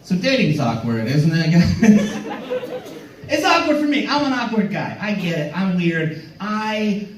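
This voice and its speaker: Male stand-up, high-pitched and animated, stammering crowd-work style; roomy, distant club recording. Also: measured pace. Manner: rambling, stammering restarts, playful crowd banter. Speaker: stand-up comedian headlining. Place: comedy club stage. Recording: roomy club sound from far off.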